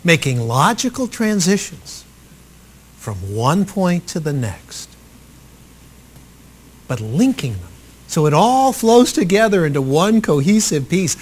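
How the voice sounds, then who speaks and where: A man coaching trainees on public speaking in a live workshop talk, animated and expressive, swinging between loud and soft for emphasis. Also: on the high side, slow pace, long pauses, a little hiss or hum. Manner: animated and expressive, acts out quotes.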